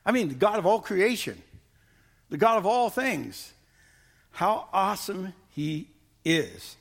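A man's voice: high voice, sing-song, takes it slowly, creaky. Folksy man preaching a sermon. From Missouri. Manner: folksy, repeats words, rising emphatic bursts. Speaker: pastor.

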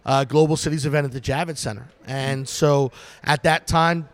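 A middle-aged man from New City, a pastor telling his story in a relaxed, self-deprecating interview chat. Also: mid-range voice, moderate pace. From New York City. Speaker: guest pastor and ministry director.

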